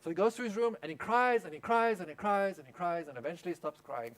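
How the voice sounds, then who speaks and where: A male pastor with a high-pitched voice preaches at a camp meeting. He tells a story step by step and throws questions out to the congregation. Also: lively intonation, fast talker. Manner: storytelling, asks the audience questions. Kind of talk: sermon.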